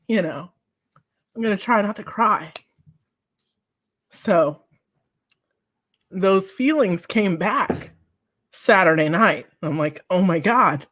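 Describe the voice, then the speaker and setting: A woman in her forties tells stories at an unhurried pace on a podcast, her voice dry and close to the mic. She acts out quotes with lively energy and laughs often. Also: medium pitch, no echo. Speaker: podcast co-host. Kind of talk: casual chat.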